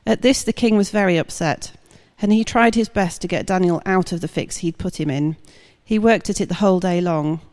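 A woman reading a long scripture passage aloud at a steady, measured pace. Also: on the low side, big-room sound. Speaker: scripture reader.

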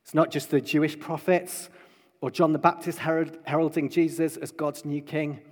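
A man preaching a sermon to his congregation, building emphatically to loud proclaiming peaks. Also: on the high side, little pitch movement, normal speed. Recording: long hall reverb.

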